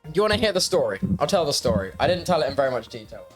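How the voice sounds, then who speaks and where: A man's voice: on the high side, sing-song, rapid-fire, soft background music. A young man chatting casually as a podcast co-host, teasing his friend in playful banter. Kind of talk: casual chat.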